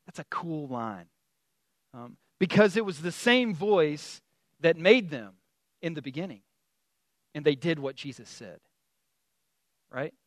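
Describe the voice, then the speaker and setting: A man preaching a sermon in a conversational, animated storytelling way, with many fillers and restarts. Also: a little high, unhurried, long pauses, dry recording. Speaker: pastor.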